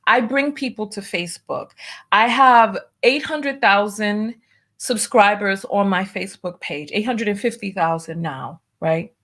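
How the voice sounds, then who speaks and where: A woman's voice: mid-range voice, unhurried, fairly bright tone. A woman hosting her own livestream show, talking casually and venting her frustration, with many restarts.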